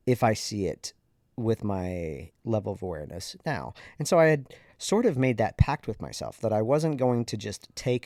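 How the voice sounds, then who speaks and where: A man's voice: fairly low pitch, a little mellow, no echo, clean studio sound. A man in his thirties, a podcast host, candidly and reflectively telling a personal story in a conversational way.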